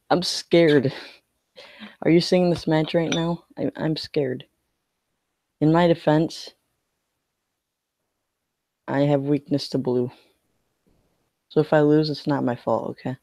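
Guy streaming games, whiny and mock-scared, slow, dry close mic. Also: fairly high pitch, steady tone, darkish tone, no room sound. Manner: whiny, mock-scared, self-pitying complaining. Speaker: gaming streamer. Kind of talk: live-streamed card game commentary.

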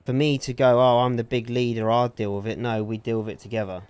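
A man argues in character with his group, sounding wounded and defensive, with frequent swearing. His pitch sits in an ordinary middle range. The sound is dry and close, with no room around it. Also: level tone, quick pace, a little mellow, clean tone, no room sound. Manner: aggrieved, defensive, swears often. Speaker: roleplay streamer.

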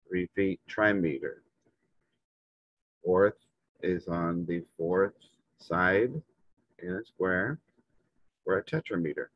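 Man, teacher type, lower voice, very slow and broken into short phrases, dry muffled lo-fi sound. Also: no room sound. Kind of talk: instructional walkthrough. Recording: dull, muffled lo-fi audio.

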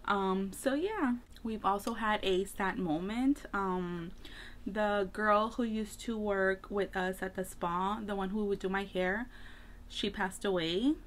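A woman's voice: mid-range voice, takes it slowly. Chatty woman makeup vlogger. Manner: rambling, many "like" fillers. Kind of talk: casual get-ready-with-me chat.

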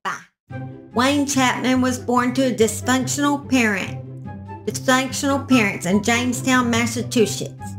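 Chatty woman, slightly high voice. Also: unhurried, music in the background. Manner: chatty, rambling, easily sidetracked. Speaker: true crime vlogger. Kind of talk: casual true crime storytelling. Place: backyard shed.

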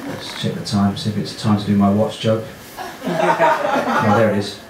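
A man with an English accent doing a stand-up comedy set in a small club, deadpan and offhand, chatting with the crowd. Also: lowish voice, unhurried. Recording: echoey comedy club with loud noise.

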